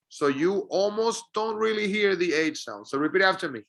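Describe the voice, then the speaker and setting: A man's voice: high voice, lively intonation, normal speed, hardly any pauses, fairly bright tone. A man whose first language is Spanish, teaching an English lesson and patiently drilling example sentences. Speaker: ESL teacher.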